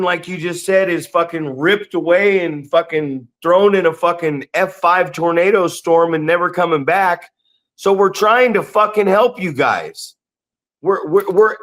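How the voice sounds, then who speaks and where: A man co-hosting a podcast, ranting heatedly and swearing a lot. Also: high voice. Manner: profane, ranting, emphatic. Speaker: podcast co-host. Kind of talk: heated casual podcast talk.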